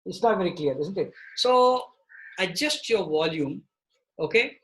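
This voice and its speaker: Male trainer on a video call, fairly high and bright voice, keeps tagging "okay?" onto his points. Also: lively intonation, measured pace, a little hiss or hum, poor audio. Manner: repeats "okay?" to check in with participants. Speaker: presentation trainer. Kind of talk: live online training session. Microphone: computer mic on a video call.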